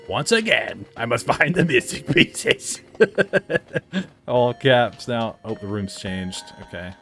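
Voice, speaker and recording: A man with a lowish voice talks through a game in a loose, chatty way, drifting off on tangents and stumbling over his words before correcting himself. It has the easygoing feel of a reviewer chatting while he plays, with faint game music underneath. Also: a bit bright. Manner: rambling and chatty, with frequent self-corrections. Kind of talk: casual gameplay commentary.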